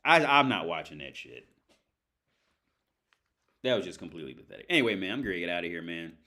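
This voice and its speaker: A man hosts a casual livestream from home, sitting by his TV. His low voice swings widely in pitch and comes out fast, pushed and bright. He rants in a rambling, crude way, restarting often and leaning on filler words.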